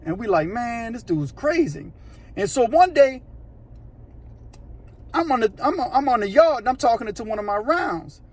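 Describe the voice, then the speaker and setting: Man, high voice, casual animated prison storytelling. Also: normal speed, pauses often. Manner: animated, slangy, acts out voices and sounds. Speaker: storyteller recounting prison life.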